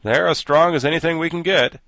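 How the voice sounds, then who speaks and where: A calm, practical tin man, as a male narrator reads him, measured and matter-of-fact. The dry recording keeps the voice close. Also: on the high side, dry recording, pitched above the performer's own voice. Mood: explaining.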